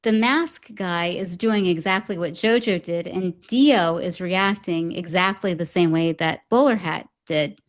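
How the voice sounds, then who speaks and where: A woman's voice: lowish voice, a little slow, few pauses. A woman co-hosting a podcast, casually recapping an anime episode and acting out the characters' lines as she goes. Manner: animated storyteller, acts out quotes.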